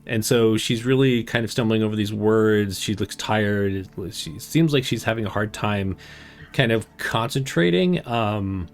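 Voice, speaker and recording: A man narrating as game master of a tabletop game, relaxed, with many fillers. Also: fairly low pitch, clean tone.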